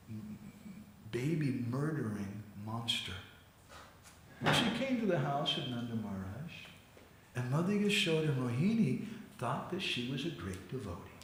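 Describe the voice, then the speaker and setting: A man's voice: mid-range voice, slight background noise. Man telling sacred stories in an echoey hall. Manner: animated, acts out quotes, laughs often. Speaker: spiritual teacher giving a class. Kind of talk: storytelling sermon. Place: temple hall.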